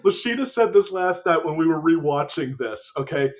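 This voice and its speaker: A man co-hosting a podcast in casual chat, telling things in an animated way and laughing along. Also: on the high side, moderate pace. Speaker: podcast co-host.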